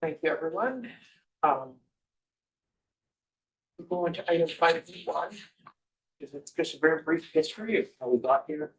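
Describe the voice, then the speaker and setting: A man's voice: fairly high pitch, expressive, normal speed, long pauses, rough recording. A man chairing a committee meeting, welcoming members and moving through items. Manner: welcoming, procedural.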